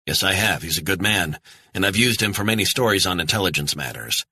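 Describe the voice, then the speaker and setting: A man reading a persuasive reporter pleading his case in an audiobook. The voice is low and husky yet forceful, and quickens when he argues. The sound is dry and close. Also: lively intonation, dry recording, heavily acted. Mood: earnest. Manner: earnest, pressing. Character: middle-aged male journalist, earnest and persuasive.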